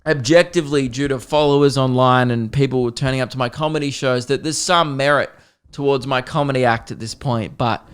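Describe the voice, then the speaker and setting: A man's voice: medium pitch, fairly even intonation, a little fast, smooth. A young man, a comedian hosting his podcast, telling a funny story and acting out both sides of the chat. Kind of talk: storytelling monologue.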